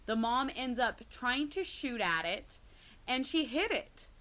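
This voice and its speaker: A woman co-hosting a podcast, casually retelling creepy stories, sometimes dropping to a hush and often laughing. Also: fairly high pitch, sing-song, a little slow. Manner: retells scary stories, drops to hushed tones, laughs often. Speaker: podcast co-host. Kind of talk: casual storytelling chat.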